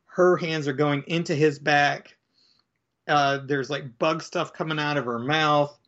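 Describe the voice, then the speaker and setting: A man chatting casually as he recaps a comic book, rambling with lots of fillers and slipping into quick character voices. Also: fairly high pitch, fairly even intonation, a bit bright, lo-fi sound. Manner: rambling, filler-heavy, acts out quoted lines in different voices.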